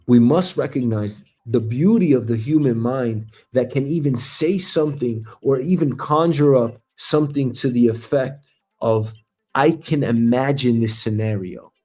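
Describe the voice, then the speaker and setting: Rambling, reflective man with a mellow voice. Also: mid-range voice, unhurried. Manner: reflective, profane, rambling with many fillers. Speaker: show host. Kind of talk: casual rambling monologue.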